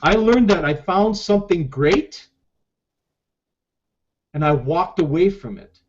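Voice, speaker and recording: Middle-aged guy choking up a bit telling his story, kinda high voice, muffled lo-fi sound. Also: animated. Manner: emotional, halting, repeats himself. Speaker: network marketer sharing his story. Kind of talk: personal testimonial vlog. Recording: dull lo-fi recording.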